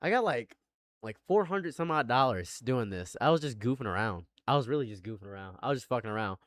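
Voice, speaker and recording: A man's voice: medium pitch, lively intonation, fast. A man hosting casual commentary, talking loosely and boastfully and swearing freely. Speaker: commentary host.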